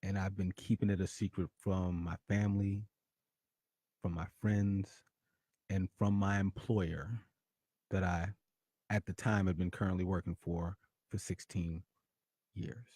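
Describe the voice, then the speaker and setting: A man hosting a talk show, telling a personal story with dramatic swings between loud excitement and hushed confession. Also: deep voice, measured pace, long pauses, breathy edge, dry recording. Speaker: podcast host.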